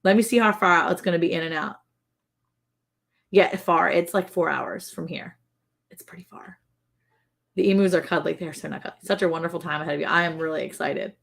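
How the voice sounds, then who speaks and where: A woman co-hosting a casual ranch livestream, chatty and quick to laugh, slipping into voices to mimic people. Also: on the low side, creaky, a bit bright. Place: home on a farm.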